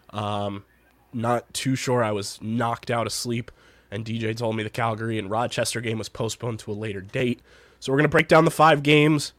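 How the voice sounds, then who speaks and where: A man's voice: mid-range voice, dry recording. A man hosting a casual podcast, tired and congested, chatting in a loose, rambling, upbeat way. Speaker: podcast host. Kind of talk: casual chat.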